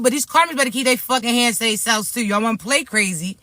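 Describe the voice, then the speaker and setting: A woman spiritual reader vlogs straight to her followers, and her voice is bright and forceful. She talks hard, blunt and profane, with streetwise warnings. The sound is dry and close. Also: on the high side, fast, hardly any pauses, no echo. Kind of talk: direct-to-camera spiritual vlog.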